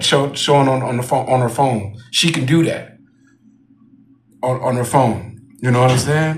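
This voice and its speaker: A man's voice: medium pitch, normal speed. A man talking casually in a vlog, rambling with repeated asides to the viewer. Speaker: vlogger.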